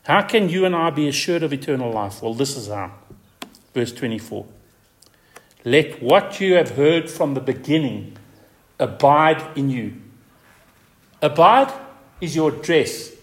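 A man preaching a sermon as pastor, stressing key words with repetition and rising to high emphatic peaks. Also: lively intonation, measured pace.

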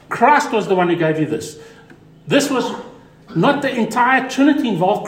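A man preaching a sermon as pastor, emphatic, repeating key words and dropping to a quiet voice for stress. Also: high voice, lively intonation, normal speed, reverberant.

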